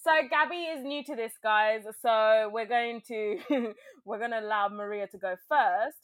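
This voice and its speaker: A woman hosting a casual podcast chat, excitable and quick to laugh. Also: on the high side. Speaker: podcast host.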